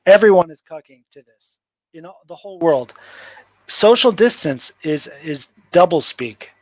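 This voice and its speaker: A man's voice: on the high side, lively intonation, unhurried, a little mellow, dry recording, low-quality recording. Sarcastic man ranting on a livestream. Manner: sarcastic, mocking, rambling with many "like" fillers. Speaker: livestream host. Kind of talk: casual livestream commentary. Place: home livestream setup.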